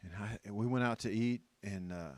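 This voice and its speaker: A man's voice: fairly low pitch, brisk, no room sound. A man in his fifties, a pastor, giving a humorous sermon and acting out voices, repeating phrases for effect. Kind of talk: humorous sermon to a church leadership team. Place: church.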